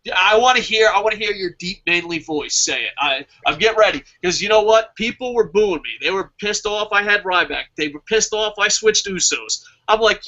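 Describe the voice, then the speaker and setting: A man's voice: high voice, expressive, a little fast, few pauses, bright, forceful tone, dull audio. A man hosting a fantasy wrestling draft show, talking in a casual, profane way and laughing at his own jokes.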